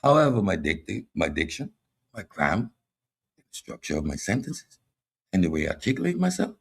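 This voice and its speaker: A man's voice: low-pitched, sing-song, brisk, vocal fry, long pauses, slightly rough. A man with a Caribbean accent hosting a combative philosophy monologue, boastful and mocking toward his audience. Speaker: host.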